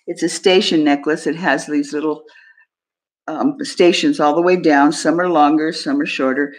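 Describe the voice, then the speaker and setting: A woman hosting a live jewelry sale stream, describing pieces in a chatty, unhurried way and talking to viewers. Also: low-pitched, fairly even intonation. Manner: chatty, describes items slowly, friendly asides to viewers. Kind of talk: casual live-stream selling.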